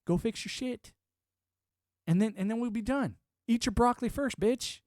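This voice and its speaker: The streamer's voice is very high with a darkish tone, and his pace is moderate. Sounding like an ex-military network engineer, he delivers a casual, profane, combative rant full of laughter, recorded at studio quality without room sound.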